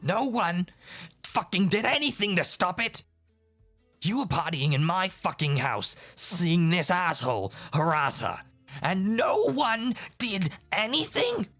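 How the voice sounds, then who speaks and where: A man's voice: high voice, sing-song, a little slow, a bit bright, soft background music, heavily acted. A man voicing a furious young party host with a Southern US accent, swearing as he throws someone out. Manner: angry, swearing, with a drawl.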